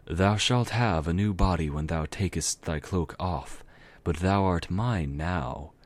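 A cold, ancient spirit mare speaks in old-fashioned words, slow and solemn and unhurried in her cruelty. A man with a very deep, rumbling voice acts her out in a storybook reading. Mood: cold menacing. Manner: slow, solemn, archaic speech.

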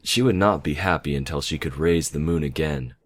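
A man's voice: very deep voice, a little fast. A man reading a fan story aloud, with casual asides and self-corrections. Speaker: reader.

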